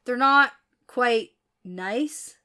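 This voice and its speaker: A woman's voice: a little high, very slow, sharp tone, smooth. A woman co-hosting a podcast, chatting casually about a novel, recapping the plot and laughing easily. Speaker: podcast co-host. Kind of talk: casual book-discussion chat.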